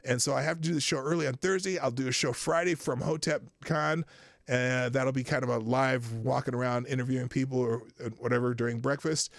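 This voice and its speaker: A man hosting a live stream, wrapping up in a rushed, loose and profane way, with many restarts. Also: medium pitch, fairly even intonation, vocal fry, no room sound, studio quality. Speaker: live-stream show host. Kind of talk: casual live-stream commentary and sign-off.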